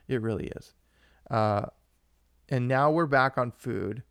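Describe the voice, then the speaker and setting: A young man co-hosting a live-streamed podcast, chatting casually in a rambling, excitable way while he answers viewers. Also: mid-range voice, slow, creaky, no room sound, clean studio sound. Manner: rambling and excitable, with frequent restarts and asides to viewers. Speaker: podcast co-host.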